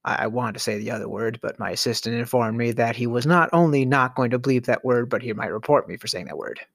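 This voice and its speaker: A man delivering a scripted comedic rant, exasperated and sarcastic, sometimes dropping to a hushed whisper for emphasis. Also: medium pitch, fast, gravelly, dry recording, studio quality. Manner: exasperated, sarcastic ranting with mock disbelief. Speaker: comedic monologue host.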